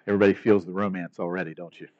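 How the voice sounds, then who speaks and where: A man preaching a sermon in a conversational way, asking rhetorical questions and rising to loud, emphatic peaks. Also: low voice, racing, dry recording, muffled recording. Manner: animated, rising to near-shouting emphasis. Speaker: pastor.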